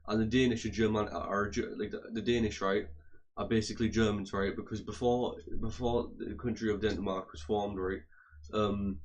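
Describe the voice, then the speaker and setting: A young man from England with a low voice delivers a rambling, argumentative rant. His pitch barely moves, so it comes out flat and level. He keeps circling back and repeating himself. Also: normal speed, a little hiss or hum. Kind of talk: casual rant to camera.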